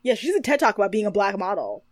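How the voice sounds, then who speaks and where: A woman's voice: mid-range voice, big pitch swings, fast, dry recording, clean studio sound. A woman co-hosting a podcast, chatting casually as she recaps a TV show, giggling often and acting out mocking impressions of the people she discusses. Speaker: podcast co-host.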